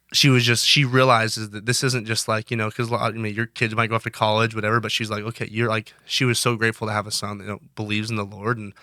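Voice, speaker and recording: A man's voice: on the low side, sharp tone, no echo, clean studio sound. A young man in his twenties, a guest in an interview, talking earnestly in casual chat, rambling with many restarts. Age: 20s. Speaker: guest, college wrestler.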